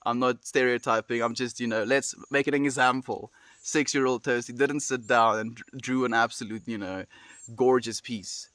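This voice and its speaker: A man's voice: mid-range voice, pushed and bright, no room sound. A young man streaming, chatting with his viewers in an earnest, heartfelt, rambling way, sighing often. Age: young adult. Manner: earnest, heartfelt and rambling, full of sighs and "dude". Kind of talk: casual chat with viewers.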